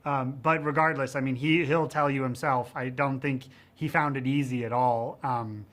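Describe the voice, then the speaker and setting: This male director talks in loose, looping sentences full of fillers, his voice middling in pitch. Telling set stories, he grows animated and louder. He is giving a promotional interview. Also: normal speed. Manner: rambling, frequent "you know what I mean" and "um". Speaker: film director.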